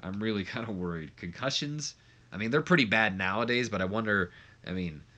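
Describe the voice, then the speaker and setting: A man's voice: fairly low pitch, fairly quick, bright, forceful tone. A man giving casual, rambling commentary over a wrestling management game, with many fillers. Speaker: gameplay commentator.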